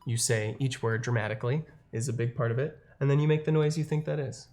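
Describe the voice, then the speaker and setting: A man's voice: mid-range voice, fairly even intonation, darkish tone, faint music behind. A man hosting a gaming stream in casual chat, playful and joking. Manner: playful, joking, quick to laugh.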